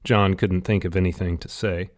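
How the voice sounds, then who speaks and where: A man reading a novel aloud in steady, scripted audiobook narration. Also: low voice, moderate pace.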